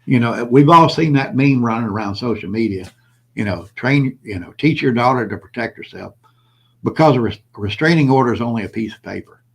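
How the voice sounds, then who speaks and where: Fairly quick and animated, this older man's medium-pitched voice carries vocal fry and slight roughness. Hosting his prepper channel, he gives an impassioned solo vlog monologue, talking bluntly and preachily to viewers while repeating his points.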